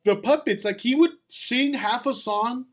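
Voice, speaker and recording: A man's voice: very high voice, unhurried. A young man co-hosting a podcast, telling a rambling, stop-start story full of slang and swearing. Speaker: podcast co-host. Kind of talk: casual chat.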